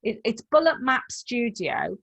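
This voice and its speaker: A woman's voice: fairly high pitch, big pitch swings, measured pace, creaky, muffled recording, background noise. A middle-aged woman with a Scouse accent, coaching a client one to one over a video call. She explains at length in a chatty way and often restarts her sentences. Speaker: dyslexia coach.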